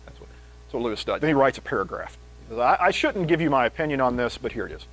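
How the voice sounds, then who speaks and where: A man preaching a sermon in a conversational, animated way, reading scripture aloud with rising pitch and volume. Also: quick pace, low-quality recording.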